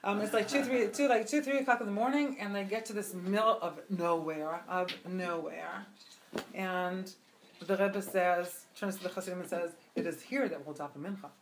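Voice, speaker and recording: A woman telling a Hasidic tale at a gathering, animated and chatty, with many asides and fillers. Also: mid-range voice, normal speed, a little hiss or hum. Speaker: storyteller. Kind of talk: spoken Hasidic storytelling. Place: event gathering.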